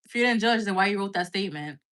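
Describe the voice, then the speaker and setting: A tarot reader with the hiccups does a casual live-stream reading, blunt and chatty, cursing freely and saying "like" constantly. Her medium-pitched voice is expressive and fairly bright, and she talks rapid-fire.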